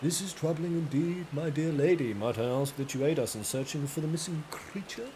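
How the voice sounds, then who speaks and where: A man's voice: fairly high pitch, brisk, mellow, slight background noise, lightly acted. A man voicing a pompous, aristocratic circus impresario in a game, in a plummy, formal manner. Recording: game music behind the voice.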